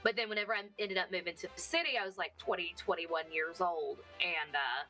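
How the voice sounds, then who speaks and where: A woman's voice: fairly low pitch, brisk, sharp tone, soft background music. A young woman with a Southern Texan accent, chatting as a guest in a casual interview, joking and drawling. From Texas. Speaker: VTuber guest.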